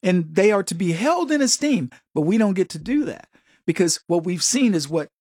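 A man's voice: high-pitched, expressive, moderate pace, darkish tone, breathy edge, no echo, studio quality. A man hosting an opinion commentary, talking straight to viewers in an emphatic way and often repeating words. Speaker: commentary host.

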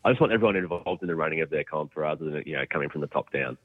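A man calling in as a guest, relaxed and matter-of-fact as he explains his plans. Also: rumbling low, rapid-fire, breathy edge, no echo, phone-quality sound. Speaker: guest, women's competition organiser. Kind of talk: interview over a call. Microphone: phone or video call.

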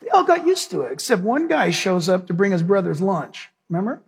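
A male pastor preaching a sermon with animated storytelling, acting out the characters in his stories. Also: sits high, brisk, gravelly, husky.

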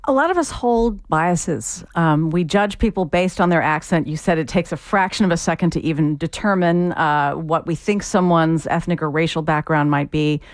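A middle-aged woman hosting a public radio interview, speaking in a measured, conversational way. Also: deep voice, no echo. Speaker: radio show host.

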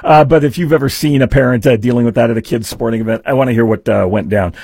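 A man's voice: mid-range voice, fast, a little mellow, slightly rough, no echo. A man hosting a talk radio show, telling a rambling story full of fillers into a studio microphone. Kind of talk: casual talk radio monologue.

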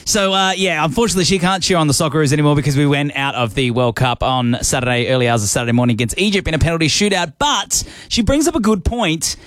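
A man's voice: fairly high pitch, lively intonation, quick pace, a bit bright. An Australian man hosting a breakfast radio show, chatty and upbeat with playful asides, on a studio microphone. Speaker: radio host.

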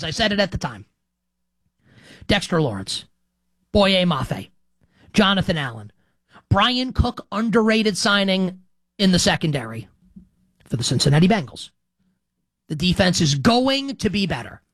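A man's voice: high-pitched, a bit bright, no echo. A middle-aged man hosting a sports betting show, talking in a rambling, self-correcting, conversational way. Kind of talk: casual sports talk monologue.

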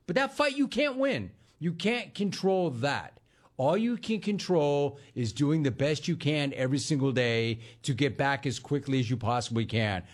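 A man's voice: fairly high pitch, expressive, moderate pace. A man hosting a sports talk radio show, delivering an emphatic monologue that repeats lines for effect and talks bluntly to the listener. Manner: addresses listener directly and bluntly.

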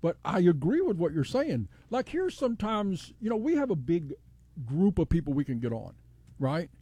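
A man's voice: high voice, big pitch swings, warm tone, no room sound. A man in his sixties with a Texan accent, hosting a casual radio chat and rambling along at speed. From Texas. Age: 60s. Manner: fast-talking, rambling. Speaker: radio host.

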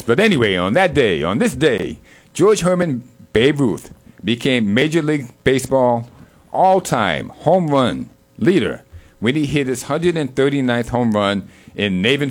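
A man with a lowish voice co-hosts a casual show, telling a joke and reading sports history. He takes his time, delivering it in an unhurried storytelling manner.

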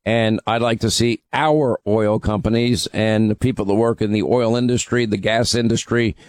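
A man's voice: lowish voice, steady tone, normal speed, no echo. A man hosting a talk radio show, taking calls and giving emphatic commentary with frequent fillers.

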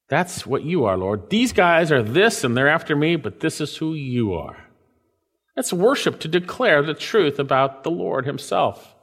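A man preaching a sermon, reading scripture aloud and explaining it with lively emphasis. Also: moderate pace. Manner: lively, rises in pitch for emphasis. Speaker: pastor. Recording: reverberant hall.

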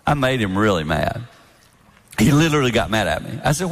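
Older man, 60s, mid-pitched, animated sermon storyteller, big hall reverb. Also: fast talker, gravelly, breathy edge. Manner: animated storytelling with mimicked voices. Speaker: speaker at a marriage event. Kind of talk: sermon-style talk on marriage.

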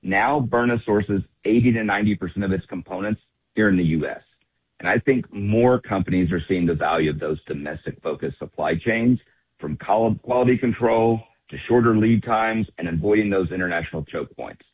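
A man who runs a company, a guest on a radio show, speaking in a measured, businesslike way. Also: on the low side, husky, no room sound. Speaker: company chief executive, guest. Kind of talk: phone interview on talk radio. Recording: tinny phone line.

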